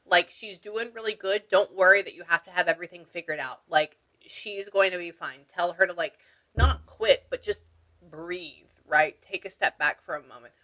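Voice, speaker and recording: A woman spiritual medium giving a reading, animated and exclamatory, breaking off to mutter asides. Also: lowish voice, moderate pace. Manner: excited, exclamatory.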